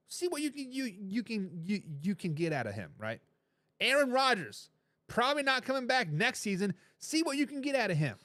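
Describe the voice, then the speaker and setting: A man's voice: high voice, sharp tone, dry recording, clean studio sound. A man hosting a sports talk show, emphatic and repeating phrases to drive his points home. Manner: reads viewer comments aloud with a laugh.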